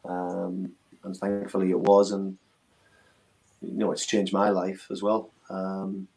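A man's voice: low voice, completely flat delivery, slow, gravelly, darkish tone, low-quality recording. Earnest middle-aged man reminiscing. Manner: earnest, emotional, rambling storytelling. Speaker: former footballer, interview guest. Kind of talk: casual reminiscing interview.

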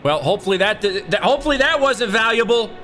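A man giving excitable gameplay commentary who yells and swears at the game. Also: high voice, quick pace. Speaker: gaming channel host. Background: game music.

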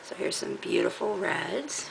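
A middle-aged woman with a gravelly voice, casually chatting as she shows off fabric from a craft haul, rambling and laughing often. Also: fairly low pitch, very animated, unhurried, noisy background. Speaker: crafting channel host. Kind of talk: casual haul show-and-tell.

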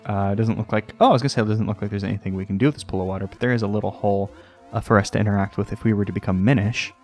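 A man hosting a let's play, rambling and joking at himself, often jumping into a high sing-song voice. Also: steady tone, rapid-fire, darkish tone, soft background music. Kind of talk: casual gameplay commentary. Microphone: desk microphone.

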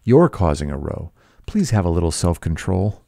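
A man's voice: deep voice, sing-song, normal speed, vocal fry, dark tone, no echo, studio quality, full character voice. A man reading the part of an anxious young society wife, with a pleading, helpless delivery.

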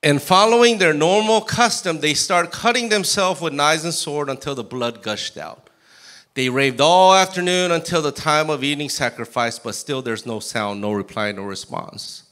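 A man preaching a sermon as pastor in a church, animated and acting out scripture in voices. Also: on the high side, normal speed. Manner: animated, acts out Bible quotes in character voices. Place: church sanctuary.

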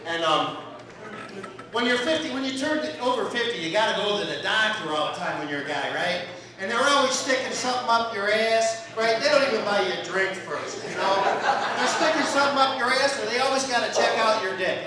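A man's voice: high voice, expressive, a little fast. A man in his late fifties with an American accent doing a crude stand-up comedy set, casual and punctuated with "right?". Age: 50s. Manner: crude, conversational, keeps asking "right?". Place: comedy club stage with a laughing audience. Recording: echoey room, distant mic, crowd laughter.

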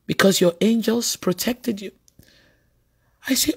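A woman preacher delivering an animated sermon, telling stories with bursts of laughter and sudden shouts. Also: fairly high pitch, moderate pace, breathy edge.

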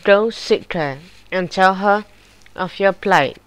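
A woman reading the lines of a cursed old male corpse crawling with spiders, in a slow, grave and mournful way. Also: mid-range voice, clean tone, no echo, natural voice. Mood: grim, mournful.

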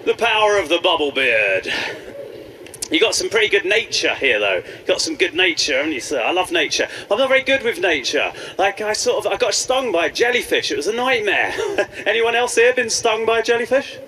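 Brief: man, stand-up set, playful crowd work, higher voice, stage mic in a noisy live club. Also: sing-song, brisk, pushed and bright. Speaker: stand-up comedian. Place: comedy club stage before a live audience. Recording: live club with audience noise.

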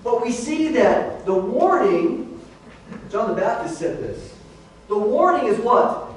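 A man's voice: extremely high pitch, very animated, takes it slowly, slight background noise. A man preaching a sermon as pastor, in a conversational way that keeps calling the listeners "guys". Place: large church sanctuary. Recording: very echoey hall, voice from far off.

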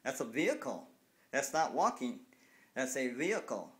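A cyclist vlogger in his fifties delivers a casual, angry rant to his phone camera, going over the same points and swearing freely. His mid-range voice moves at normal speed with big pitch swings.

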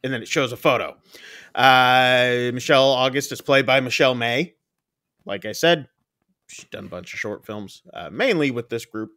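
A man's voice: mid-range voice, animated, normal speed, pushed and bright, no echo, clean studio sound. Casual male co-host recapping a horror film, rambling delivery that acts out the quoted lines, mid-range voice. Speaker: podcast co-host. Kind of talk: casual film review chat.

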